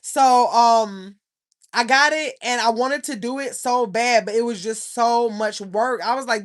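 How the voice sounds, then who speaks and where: A woman's voice: on the high side, measured pace. An older woman, hosting a casual livestream, rambling and chatting with viewers. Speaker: channel host.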